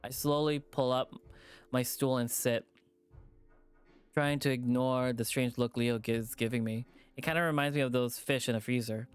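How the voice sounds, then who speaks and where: A streamer narrating a visual novel, with casual chat and plenty of swearing in between lines. The voice is clear and smooth, and soft music runs underneath. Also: medium pitch. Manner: casual, profane asides. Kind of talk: reading a visual novel aloud.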